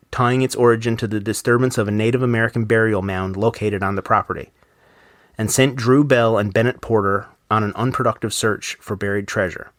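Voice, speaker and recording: A man's voice: fairly low pitch, a bit bright, no room sound, clean studio sound. A man hosting a casual podcast, reading a ghost story aloud and then breaking off to comment on it with loose, swearing asides.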